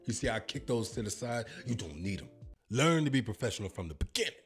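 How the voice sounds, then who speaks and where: A man's voice: medium pitch, big pitch swings, fast, faint music behind. A man from the United States hosting a comedic reaction vlog, talking straight to his viewers in a brash, profane, riffing way. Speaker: reaction video host.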